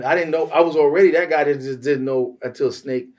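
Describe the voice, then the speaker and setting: Fast-talking man, a bit off-mic. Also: fairly high pitch, far from the mic. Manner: profane, animated, acts out quoted voices. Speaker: music manager, interview guest. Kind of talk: casual storytelling interview.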